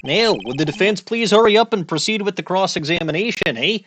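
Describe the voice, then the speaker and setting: A man's voice: high-pitched, lively intonation, a little fast, fairly bright tone, slight background noise, pitched above the performer's own voice. A man voicing a bossy male judge with a put-on Canadian accent, impatient and tacking on "eh". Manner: impatient, ends lines with eh.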